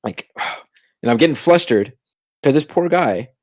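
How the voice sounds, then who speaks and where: Casting: young male podcast co-host, animated storyteller, mid-pitched. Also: measured pace, no room sound, clean studio sound. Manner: animated, acts out quoted voices. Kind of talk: casual chat, storytelling.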